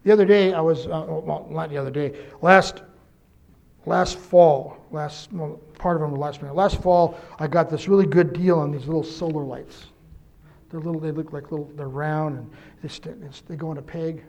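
High-voiced man preaching a sermon. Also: normal speed, gravelly. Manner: animated storytelling with self-corrections and rising emphasis. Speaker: pastor.

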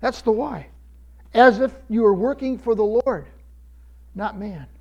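A pastor delivers his sermon in a high voice, repeating words as he gathers his thoughts. He leans hard into his emphasis. The recording is dull and lo-fi. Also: measured pace, a little mellow. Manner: stammering restarts, preacherly emphasis.

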